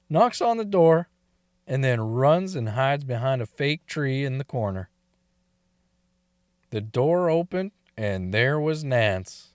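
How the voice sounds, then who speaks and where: Brief: male storyteller, unhurried, swings his pitch a lot, profane and laughing, dry close sound. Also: big pitch swings, a little mellow, dry recording. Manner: profane, laughs often between lines. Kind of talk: casual crude storytelling.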